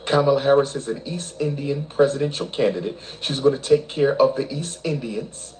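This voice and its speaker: A man giving casual commentary in an animated, repetitive, rhetorical way. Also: medium pitch, fairly quick, low-quality recording.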